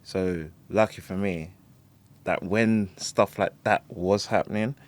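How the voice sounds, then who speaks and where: A man's voice: low-pitched, takes it slowly, dry recording. A man, co-hosting a casual podcast chat, telling stories with lots of laughter and casual swearing. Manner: animated storytelling, laughs often, swears casually. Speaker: podcast co-host.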